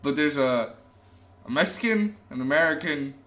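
A man with a bright, forceful voice in a loose, rambling podcast chat. He tells jokes and laughs at his own punchlines. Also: a little high, expressive, normal speed. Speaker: podcast co-host. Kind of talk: casual joke-telling chat.

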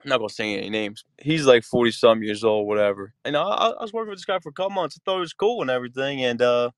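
A man in his thirties talking casually on a podcast, retelling a workplace run-in with lively emphasis and loose cursing. His voice is dry and close, with no room around it, at a middle pitch. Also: quick pace, dry recording. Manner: storytelling, animated retelling with curses. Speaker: podcast co-host. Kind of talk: casual chat.

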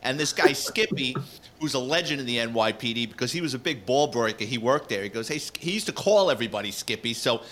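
A man, a retired police officer co-hosting a podcast, telling animated anecdotes and acting out the people he quotes. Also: medium pitch, quick pace, a little hiss or hum. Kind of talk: casual storytelling chat.

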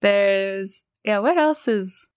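Here is a bubbly, giggly woman hosting a casual podcast chat and telling light stories. Her voice sits at a middle pitch, and the recording is dry and close with no room sound. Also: slow pace, smooth, dry recording. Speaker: podcast host. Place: Australia.

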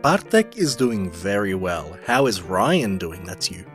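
A man from Poland co-hosting a film podcast, unhurried and deadpan. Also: low voice, faint music behind. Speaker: podcast co-host. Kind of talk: casual chat.

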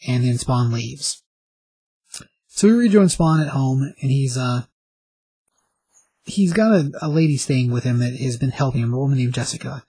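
A man retelling a plot in a loose, rambling way, filling the gaps with fillers. His voice is husky. The recording is dry and close. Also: mid-range voice, moderate pace, long pauses, mellow, no room sound, poor audio. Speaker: vlogger recapping a show. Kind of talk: casual story recap.

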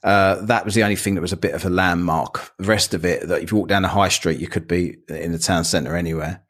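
A man's voice: sits low, steady tone, fast, a bit bright. A man co-hosting a podcast, chatting casually in a blunt, ranting way and swearing now and then. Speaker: podcast co-host. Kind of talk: casual chat.

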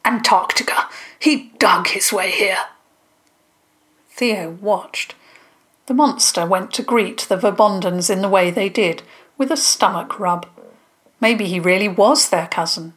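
A woman reads a children's story aloud at a slow, careful pace. Her voice sits mid-range and her narration is gentle and even. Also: mid-range voice.

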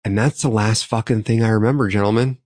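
A man's voice: on the low side, fairly even intonation, fast, darkish tone, no echo, studio quality. Profane man telling a story. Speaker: podcast co-host. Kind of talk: casual storytelling among friends.

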